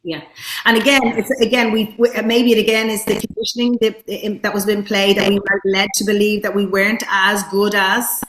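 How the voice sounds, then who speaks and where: A woman's voice: mid-range voice, flat delivery, normal speed, fairly bright tone. A woman hosting an interview as a therapist, speaking casually and enthusiastically with frequent restarts. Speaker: host, therapist. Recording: echoey room.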